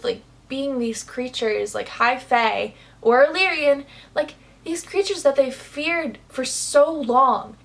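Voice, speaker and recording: A woman reviewing a book in a casual vlog, gushing and excitable, with plenty of "like" fillers. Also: high-pitched. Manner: gushing, excitable, says "like" a lot.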